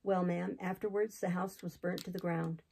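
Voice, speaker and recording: Woman voicing gossipy old male innkeeper, rambling, chatty, gravelly, mellow, classic novel audiobook. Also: on the low side, steady tone, normal speed, poor audio. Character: gossipy older male innkeeper, talkative and solemn.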